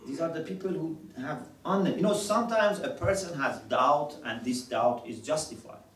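A man's voice: on the high side, normal speed, fairly bright tone, echoey room, distant mic, slight background noise, poor audio. A man teaching a religious class, quoting scripture in Arabic and asking his students questions. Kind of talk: classroom lecture.

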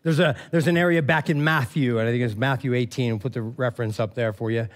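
A man's voice: medium pitch, steady tone, quick pace. A man, a pastor, preaching a casual sermon and retelling scripture in loose, slangy, chatty language with many restarts.

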